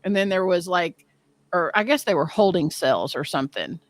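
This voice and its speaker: A woman in her fifties telling a story in casual chat, animated and self-deprecating, often laughing. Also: lowish voice, moderate pace, no echo. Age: 50s.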